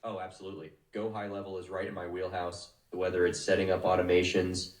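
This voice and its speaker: A cloned AI voice of a young man acting as a friendly phone agent, smooth and agreeable in a salesy way. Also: deep voice, completely flat delivery, brisk, natural voice. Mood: upbeat. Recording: faint, roomy playback from a distance.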